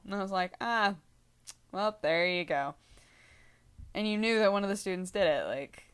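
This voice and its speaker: A young woman telling a rambling story to her vlog viewers, full of fillers, asides and giggles. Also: on the low side. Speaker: vlogger.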